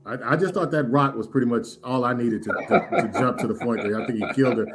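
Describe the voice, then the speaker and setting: Measured, questioning podcast co-host man. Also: mid-range voice, noisy background. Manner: measured, questioning, pushes back. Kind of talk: casual chat.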